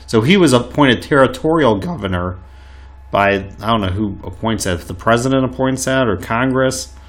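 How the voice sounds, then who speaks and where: A man co-hosting a casual history podcast, telling a local story with animated delivery and frequent laughs. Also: mid-range voice, moderate pace.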